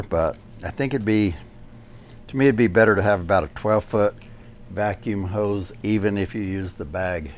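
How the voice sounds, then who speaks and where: A man with a fairly low voice explains drywall tools in a relaxed, hands-on way, giving practical pointers step by step. He speaks indoors in a room under repair, with a faint hum of ambient noise behind him. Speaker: DIY drywall YouTuber. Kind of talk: casual tool demonstration.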